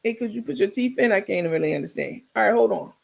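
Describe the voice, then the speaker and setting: A woman's voice: medium pitch, expressive, gravelly, slightly rough, exaggerated voice. A woman putting on the voice of a bossy, scheming woman who coaches and pushes someone around. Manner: bossy, coaxing, fast-talking.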